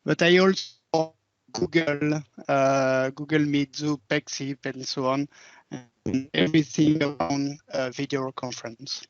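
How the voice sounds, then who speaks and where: Halting French-accented man, higher voice. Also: fairly even intonation, no echo, faint music behind. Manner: halting, with many pauses. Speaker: conference presenter. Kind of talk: online conference talk. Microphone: video call. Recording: dry, slightly muffled online call.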